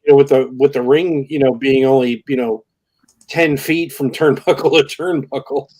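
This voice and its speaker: A man co-hosting a casual podcast chat, halting and filling pauses as he talks. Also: mid-range voice, fairly even intonation, darkish tone. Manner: halting, many fillers and restarts. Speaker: podcast co-host.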